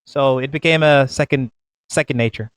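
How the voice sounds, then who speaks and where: A man from Jamaica with a Jamaican accent, chatting casually in clear, careful customer-service diction. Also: medium pitch, normal speed, no room sound. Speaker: pastor. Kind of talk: casual chat.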